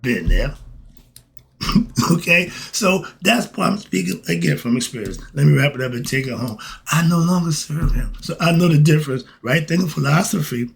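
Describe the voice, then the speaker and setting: A man with a gravelly, fry-laden voice speaks in a casual, preachy monologue. His pitch sits a touch high and swings widely as he fires rhetorical questions and chuckles to himself. A faint hiss of noise runs under the recording. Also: expressive, normal speed. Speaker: podcast host.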